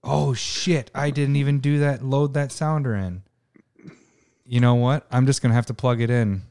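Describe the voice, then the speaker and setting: A man's voice: mid-range voice, steady tone, normal speed, darkish tone, smooth. Man co-hosting a laid-back podcast. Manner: laughs often, swears casually. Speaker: podcast co-host. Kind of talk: casual chat. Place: podcast room.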